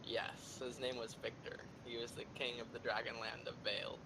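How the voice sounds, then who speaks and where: A man playing a tabletop game, describing his character's actions in a casual, halting way. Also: mid-range voice, flat delivery, bright, forceful tone. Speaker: player. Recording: noisy background.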